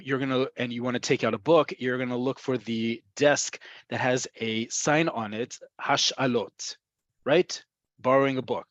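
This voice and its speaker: A man's voice: medium pitch, fairly bright tone, dry recording. A man teaching a webinar lesson on Hebrew words, explaining patiently and repeating key points for learners. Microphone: video call. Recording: dry, dull video-call audio.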